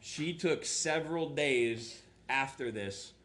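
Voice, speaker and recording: A man preaching a sermon as pastor, telling a story in an animated way, acting out quotes with sudden jumps in pitch and adding self-deprecating asides. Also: takes it slowly.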